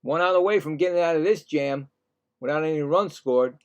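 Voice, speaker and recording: An excitable man calls live baseball play-by-play, his voice a little high and clean, though the recording cuts off the highs. He jumps louder on big plays, tosses in chatty asides, and acts out players' thoughts in quick interjections.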